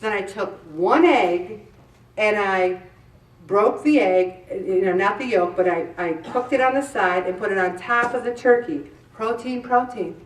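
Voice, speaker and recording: A middle-aged woman hosting a weight-loss show, giving chatty diet advice in an animated, exclamatory way and repeating words for emphasis. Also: mid-range voice, a little slow, far from the mic. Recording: echoey room, voice from off mic.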